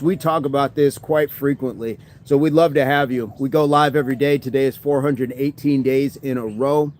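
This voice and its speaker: A man's voice: mid-range voice, fairly even intonation, normal speed, few pauses, darkish tone. A man hosting a daily fitness livestream, chatting casually in a joking, rambling, self-mocking way.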